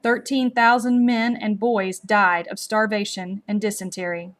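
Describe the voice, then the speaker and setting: A woman reads a storybook aloud at a slow, measured pace. Her delivery is gently expressive, with her voice pitched in the ordinary middle range for a woman. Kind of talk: storybook read-aloud narration.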